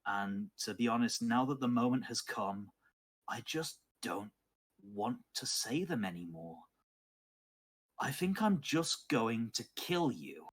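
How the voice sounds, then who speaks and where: A man voicing a horribly burned, vengeful man who speaks with calm menace. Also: mid-range voice, slow. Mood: coldly vengeful. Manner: calm, menacing villain speech.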